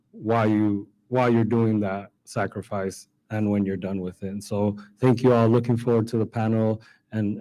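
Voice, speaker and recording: A city councilman speaks earnestly at a public event. His voice is low and mellow, with a flat, even delivery, and he often restarts his phrases. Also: rough recording. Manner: earnest, repeats words as he restarts. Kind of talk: public remarks.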